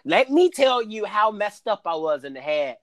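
A man on a casual podcast, spinning a rowdy, profane story. His voice is slightly high for a man and leaps up sharply when he gets worked up, and the sound is dry and close. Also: normal speed, no echo. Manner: animated, profane storytelling with big pitch jumps.

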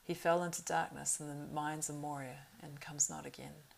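A woman voicing a grave, weary male ranger leader in an audiobook reading, solemn and measured. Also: low voice, level tone, creaky, heavily acted.

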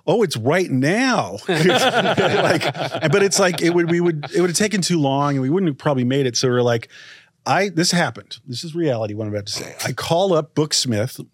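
A man co-hosting a podcast tells a rambling, animated story, acting out the lines he quotes and swearing freely. His voice sits a little higher than most men's. The recording is close and dry. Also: brisk, breathy edge, no echo. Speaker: podcast co-host. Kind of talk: casual storytelling chat.

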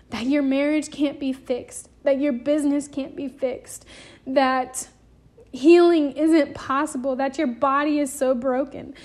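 A woman's voice: sits high, steady tone, measured pace, darkish tone. A woman hosting a devotional podcast, talking earnestly in a preacherly way with lots of repetition, emotional and close to tears. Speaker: podcast host.

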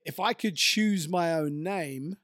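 A man's voice: a little high, slow, fairly bright tone, no room sound. A man from Europe co-hosting a casual chat, telling dry, wry anecdotes. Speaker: podcast co-host.

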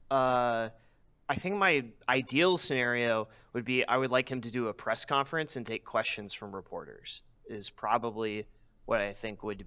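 A man calling in to a show, laying out a prepared opinion at length in an articulate, steady way. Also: medium pitch, smooth. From US West Coast. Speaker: caller. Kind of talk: call-in opinion take. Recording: dull lo-fi call audio.

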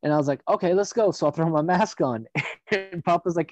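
Quick-paced and on the high side, a man's voice carries a long, rambling story in casual conversation, full of profanity and acted-out quotes from other people. The dry, dull recording has no echo.

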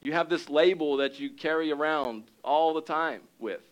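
A male pastor preaching a sermon, animated, acting out little scenes in an excited raised voice and dropping low for serious points. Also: normal speed, low-quality recording.

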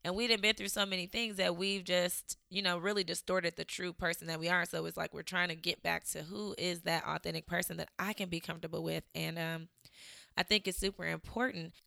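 A young woman with a slight Southern drawl speaks straight to her viewers, chatty and reflective, dropping plenty of "like" and "you know." Her voice is fairly low, bright and clean, with a gravelly fry at the ends of phrases. The room is dry and close. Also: little pitch movement, brisk, no room sound. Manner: chatty, lots of fillers, laughs often. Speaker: vlogger. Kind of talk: casual reflective talk to camera.

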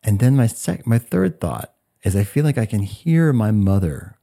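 A man in his forties telling a story in a podcast interview, animated and acting out what people said. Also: fairly low pitch, moderate pace, creaky. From United States. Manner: animated storyteller, acts out quotes. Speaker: guest.

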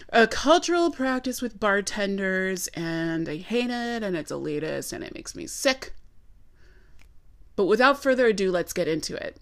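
A woman's voice: a little high, a bit bright. Playful woman podcast host ranting. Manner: playful, sarcastic, dramatic rants. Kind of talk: casual podcast monologue.

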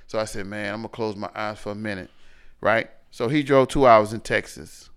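A man in his forties chatting casually as a podcast co-host, an animated storyteller who swings between loud and quiet. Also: lowish voice, brisk, smooth. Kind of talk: casual chat.

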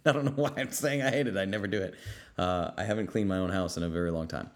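A man hosting a casual Q&A podcast from his kitchen, energetic and blunt, reading out viewer comments and swearing freely. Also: deep voice, fast. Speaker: podcast host. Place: home kitchen.

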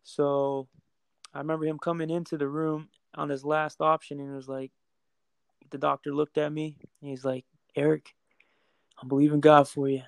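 Earnest man with a gravelly, flat voice. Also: fairly high pitch, moderate pace, dry recording. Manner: earnest, calm, repeats words, quotes others in his own voice. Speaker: podcast co-host telling his story. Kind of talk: casual storytelling chat.

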